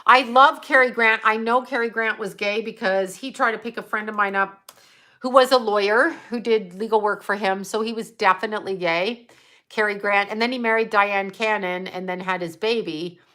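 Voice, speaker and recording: Woman, casual chat, blunt and foul-mouthed, thinking aloud, bright forceful voice. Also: mid-range voice, steady tone, normal speed. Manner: blunt, profane, opinionated; trails off, talks to herself while looking things up. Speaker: livestream host answering chat.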